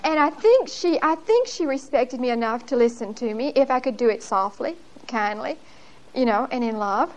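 A woman teaches a Bible lesson in a slightly high voice at a moderate pace, though the audio quality is poor. Lively and emphatic, she tells her stories in a folksy way and laughs often as she talks.

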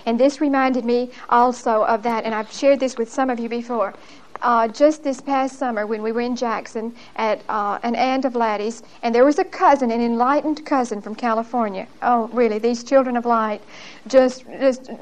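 A woman's voice: a little high, normal speed, poor audio. A woman giving a Bible lesson. She tells her stories in an emphatic, folksy way and often laughs as she talks. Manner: lively, laughs often while telling stories. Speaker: Bible teacher.

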